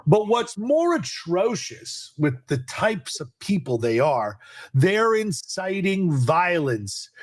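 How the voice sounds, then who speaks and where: A man's voice: high-pitched, very animated, slow. A middle-aged man hosting a podcast, ranting indignantly in political commentary. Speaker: podcast host.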